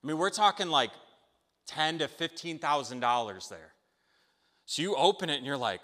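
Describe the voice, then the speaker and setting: A man preaching a sermon in a conversational, animated way, telling a story and checking in with the listeners. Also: fairly high pitch, moderate pace, long pauses. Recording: long hall reverb.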